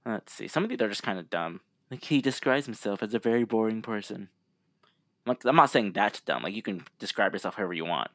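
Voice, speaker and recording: A man with a lowish voice in relaxed podcast chat. He reads out trivia in a laid-back way and laughs easily. The recording is dry and close. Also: fast talker, no echo. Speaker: podcast co-host. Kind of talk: casual chat.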